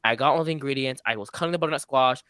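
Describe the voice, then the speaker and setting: A young man chatting casually with his cousins, telling stories in an animated way and acting out the voices of the people in them. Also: medium pitch, racing, clean tone, dry recording. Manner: animated storyteller who acts out voices. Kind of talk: casual chat among cousins.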